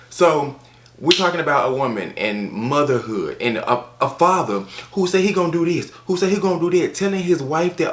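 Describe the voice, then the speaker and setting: An American man reviewing books in a sassy, animated casual chat, repeating phrases for emphasis. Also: on the high side, fairly quick, reverberant. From United States. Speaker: book reviewer.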